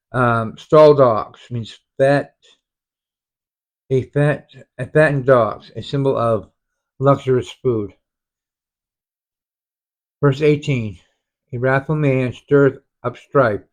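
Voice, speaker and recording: Man, Bible study leader, very slow, stumbling restarts, verse-by-verse reading. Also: medium pitch. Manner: halting, frequent self-corrections and restarts. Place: home, online group study.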